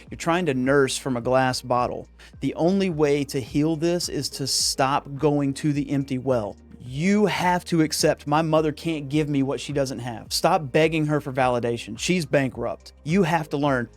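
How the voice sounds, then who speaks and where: A man hosting a podcast, delivering an earnest monologue on psychology with an emphatic, preacher-like delivery. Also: medium pitch. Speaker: podcast host.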